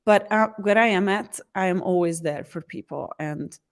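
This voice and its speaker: A woman speaks, mid-pitched and earnest, telling an interviewer about her coaching work. She often restarts her phrases and slips into small acted quotes. The delivery is conversational and unhurried. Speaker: empowerment coach.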